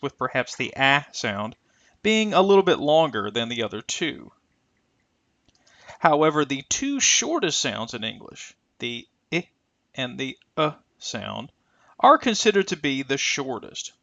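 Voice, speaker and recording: Man, pronunciation teacher, bright lively voice, dry slightly muffled recording. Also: mid-range voice, creaky, no room sound. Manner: careful, deliberate, stretches example sounds. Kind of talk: scripted instructional narration.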